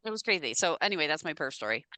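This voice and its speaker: A woman co-hosting a podcast, chatting casually and telling animated stories that she peppers with swearing. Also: sits low, racing, clean tone, no echo. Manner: animated storyteller, swears freely. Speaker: podcast co-host. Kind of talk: casual chat.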